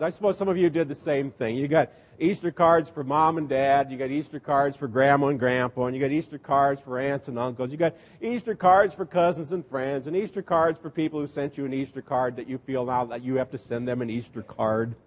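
A man's voice: mid-range voice, in a large hall, highs cut off. A man, a Lutheran pastor, preaching a sermon in a storytelling way, acting out the people in the story with humor. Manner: storytelling, animated, acts out voices with humor.

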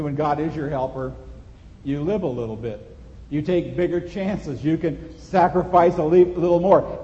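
Pastor, man, fairly high voice, earnest conversational sermon, long church reverb, muffled. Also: warm tone. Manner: earnest, conversational preaching with rising emphasis. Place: church sanctuary.

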